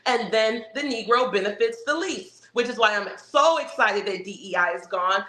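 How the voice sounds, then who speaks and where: A woman's voice: a little high, pushed and bright, roomy sound, poor audio. A woman speaking as a guest on a political talk show, emphatic and preacherly, acting out other people's voices to make her point. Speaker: podcast guest.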